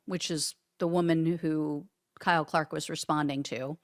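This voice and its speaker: Slow, sarcastic woman commentator. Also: low-pitched, fairly even intonation, no echo, studio quality. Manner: sarcastic and blunt, with casual swearing. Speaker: political commentary host. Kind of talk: casual political commentary, reading posts aloud.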